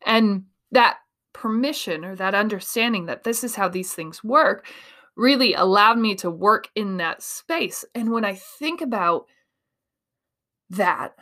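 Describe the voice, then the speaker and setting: A woman from Iowa giving an emphatic motivational talk as a speaker and coach. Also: mid-range voice. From Iowa, USA. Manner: animated, emphatic, acts out quoted voices.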